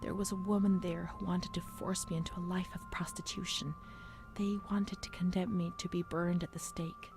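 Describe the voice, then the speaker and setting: A woman voicing a haunted young woman recalling her asylum records, speaking in a whispered role-play, hushed and unsettled. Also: on the low side, flat delivery, moderate pace, gravelly, music in the background. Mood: uneasy whisper.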